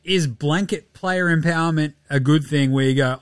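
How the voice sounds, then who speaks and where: A man's voice: a little high, moderate pace, few pauses, dry recording. A man with an Australian accent hosting a podcast in casual sports chat, blunt and sweary, often mocking others in put-on quotes. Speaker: podcast host.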